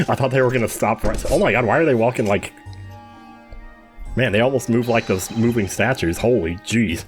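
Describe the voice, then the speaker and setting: A man's voice: medium pitch, normal speed, pauses often, soft background music. A man chatting casually and joking while playing through a game for the first time. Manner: chatty, joking, reacts with laughs. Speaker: game streamer. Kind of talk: casual blind playthrough commentary.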